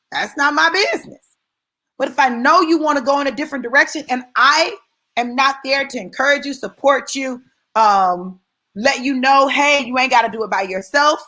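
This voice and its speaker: Her voice sits high, bright and forceful as she gives a motivational talk. She speaks emphatically and conversationally, addressing her listeners directly and repeating key phrases for stress.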